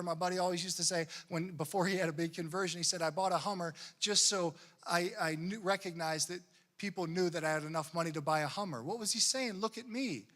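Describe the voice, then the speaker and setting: A high, bright male voice belongs to a young priest speaking at a conference. He jokes with the audience and slips into other people's voices to act out their lines. His stories carry the talk forward. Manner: animated storytelling, acts out people's lines. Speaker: Catholic priest. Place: conference hall.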